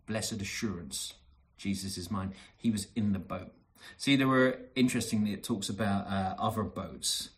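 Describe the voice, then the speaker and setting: A man delivering a sermon in a slightly low voice. He speaks earnestly, leans on repeated phrases for emphasis, and often falls quiet and soft between his stronger lines. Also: normal speed. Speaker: preacher.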